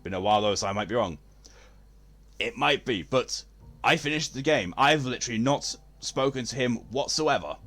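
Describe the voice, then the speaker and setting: A man's voice: on the low side, a bit bright. Theatrical man streaming a game. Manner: theatrical, posh-leaning delivery. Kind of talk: casual live game stream chat.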